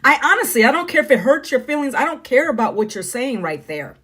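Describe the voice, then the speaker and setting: A woman's voice: sits high, big pitch swings, quick pace, fairly bright tone, husky. A middle-aged woman from the United States, talking bluntly and preachily to viewers on a phone live stream. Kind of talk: casual live-stream monologue.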